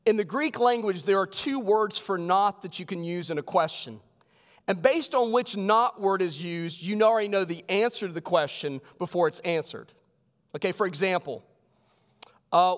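A male pastor preaching a sermon with emphasis, his voice sinking low on key words. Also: fairly bright tone. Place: church sanctuary. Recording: long hall reverb.

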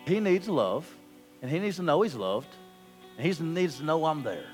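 A man in his thirties preaching a sermon, telling a family story and building to loud, fervent preaching. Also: a little high, very animated, moderate pace. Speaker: pastor. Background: guitar music.

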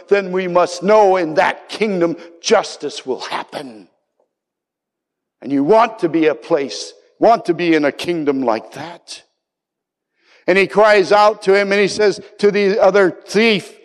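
The preacher's voice sits high and unhurried, with long hall reverb around it. Passionately delivering his sermon, he lifts into cries on key quoted words.

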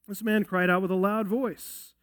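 High-voiced man preaching an emphatic sermon. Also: little pitch movement, normal speed, fairly bright tone. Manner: earnest, emphatic preaching with rhetorical questions. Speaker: pastor. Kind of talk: expository sermon.

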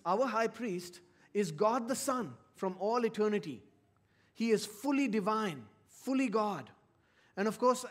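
A male pastor preaching a sermon in an earnest voice, rising to loud emphasis and dropping to hushed low tones.

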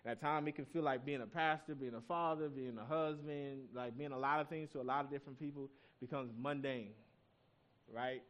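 A man's voice: medium pitch, fairly even intonation, a little fast, fairly bright tone. A male pastor giving a sermon, reading scripture and telling stories in a conversational way, with asides to the congregation.

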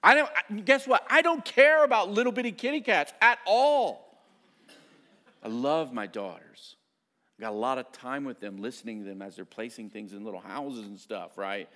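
A middle-aged man preaching a sermon as pastor, telling family stories in an animated, self-mocking way. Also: medium pitch, moderate pace.

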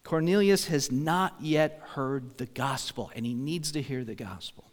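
A man's voice: mid-range voice, unhurried, long reverb tail. A man pastor giving a sermon, telling stories in a conversational way and asking the congregation questions.

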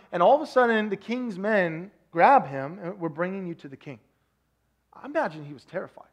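High-voiced Texan pastor preaching. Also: male voice. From Texas. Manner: impassioned, swings between loud emphasis and soft hushed asides. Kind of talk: sermon.

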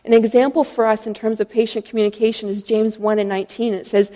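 A woman's voice: a little high, level tone, fast, dark tone, big-room sound. A woman preaching a sermon in a church, earnest and storytelling, retelling scripture stories and acting out the voices in them.

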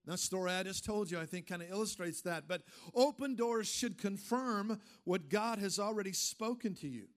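Delivering a sermon, a male pastor speaks expressively at a moderate pace with few pauses. He peppers his message with forceful rhetorical questions before settling into a low, relaxed storytelling tone.

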